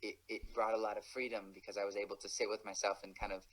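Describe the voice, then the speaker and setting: A man's voice: fairly low pitch, flat delivery, fast talker, low-quality recording. A man answering an interview question in a reflective, hesitant way with many restarts.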